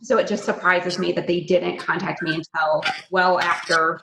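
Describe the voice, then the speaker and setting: A woman teacher speaking on a video call in a quick, earnest way, full of asides. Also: on the low side, little pitch movement, creaky. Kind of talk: casual meeting talk. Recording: echoey room with background noise.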